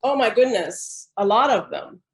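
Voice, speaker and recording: A woman's voice: on the high side, measured pace, poor audio. A woman sharing her recipes in a casual cooking chat, speaking plainly with some hesitation.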